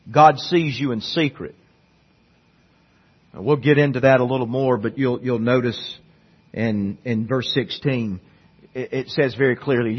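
A man preaching a sermon as a pastor. He talks earnestly, swinging between loud emphatic peaks and soft low passages, and often repeats a word as he starts a line. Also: husky. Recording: dull lo-fi sermon recording.

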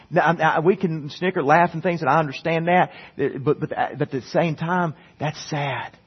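A preacher with a husky, slightly high voice delivers an earnest sermon. He climbs to loud, emphatic peaks and drops into soft, low stretches, repeating words as he gets going. The recording is dull and lo-fi. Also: brisk. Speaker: pastor.

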